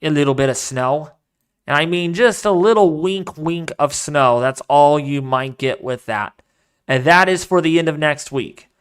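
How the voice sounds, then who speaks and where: A man hosting a live weather stream, talking casually and excitably, rambling off into asides while reading the models and the chat. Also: a little high, a little slow, smooth. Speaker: weather livestream host.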